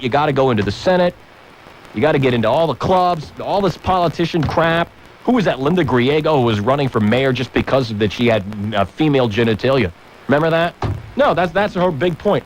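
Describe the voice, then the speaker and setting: A man hosting a talk radio show from a studio microphone, ranting with shouted mock outbursts. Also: a little high, big pitch swings, fast talker, a little hiss or hum, low-quality recording.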